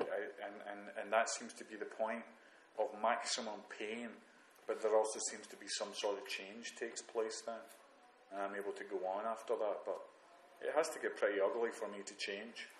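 A man's voice: on the low side, a bit bright. A man reflecting candidly and with self-mockery on his own drinking and selfishness, often restarting his sentences. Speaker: recovering alcoholic sharing on the program. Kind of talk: reading aloud then personal reflection. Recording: roomy echo, faint background noise.

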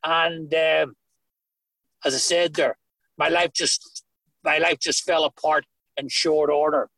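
Northern Irish man, high husky voice. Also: level tone, slow pace, a bit bright, dry recording, low-quality recording. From Northern Ireland. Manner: earnest storytelling with dry humor. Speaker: recovery meeting speaker. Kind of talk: personal testimony on a video call. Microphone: video call.

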